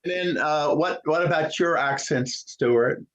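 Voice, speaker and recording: A man hosting a casual cast talkback over a video call, halting and full of fillers. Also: fairly high pitch. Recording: muffled lo-fi video call audio.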